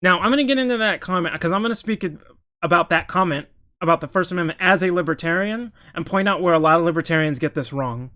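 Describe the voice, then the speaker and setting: A man with a notably high-pitched voice delivers casual political commentary, reacting to news pieces. He talks in an opinionated, heated way and keeps breaking off to restart his sentences. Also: fast talker, sharp tone.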